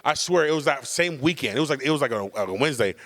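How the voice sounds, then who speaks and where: A man from California co-hosting a podcast, telling stories in a loud, profane and animated way. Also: medium pitch, fast talker, big-room sound. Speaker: podcast co-host. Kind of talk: comedic storytelling chat.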